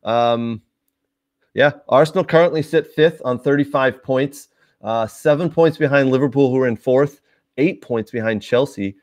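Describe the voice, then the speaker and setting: A man's voice: medium pitch, moderate pace, darkish tone. Man, soccer show host, chatty casual commentary, talks straight to viewers, mid-range voice. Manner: chatty, addresses viewers directly, many fillers.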